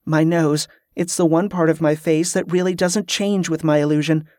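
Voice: medium pitch, steady tone, normal speed, darkish tone, dry recording, close to an everyday voice. An audiobook narrator voicing a tired young elf mage woman who speaks earnestly, read dry and close. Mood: weary.

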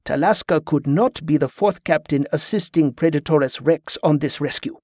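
A man voicing a formal, scholarly male pirate captain who speaks in a firm, measured way. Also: fairly high pitch, a little mellow, no room sound, clean studio sound, natural voice.

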